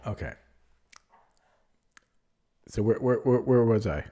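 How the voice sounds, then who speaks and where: A man's voice: medium pitch, animated, slow, dark tone. A young man streaming himself playing chess, rambling and self-deprecating as he thinks aloud in casual commentary.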